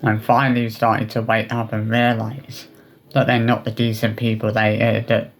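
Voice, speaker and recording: His voice is on the low side and monotone as this vlogger talks directly to his viewers in a personal video. Remorseful and upset, he halts often, restarting sentences and leaning on fillers.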